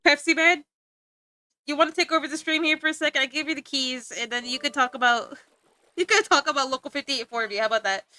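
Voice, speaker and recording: High bright giggly young woman streamer. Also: quick pace. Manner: giggly, easily sidetracked, talks to chat and friends. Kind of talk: casual rambling stream chat.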